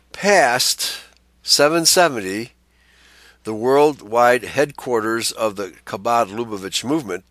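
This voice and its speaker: A man's voice: mid-range voice, fairly bright tone, no echo. A pastor reading an article aloud, breaking in with blunt asides of his own. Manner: reads out text, then breaks in with blunt asides.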